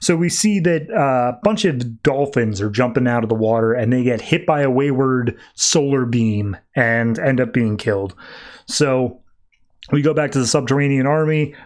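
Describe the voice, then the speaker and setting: A man's voice: mid-range voice, darkish tone. A man hosting a podcast, casually recapping a comic book and acting out the characters' quotes. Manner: chatty, acts out quotes in quick voices. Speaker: podcast host.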